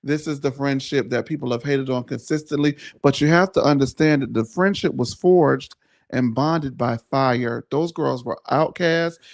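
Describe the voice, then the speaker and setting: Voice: medium pitch, normal speed, gravelly. Emphatic panelist in casual chat. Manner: emphatic and opinionated.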